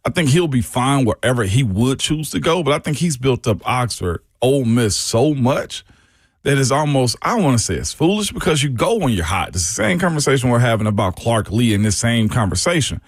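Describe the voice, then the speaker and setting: Relaxed ex-player radio co-host. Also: male voice, mid-range voice, a little fast, husky, no echo, clean studio sound. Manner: relaxed, thoughtful, rambling. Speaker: co-host, former pro football player. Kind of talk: sports talk radio. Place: radio studio.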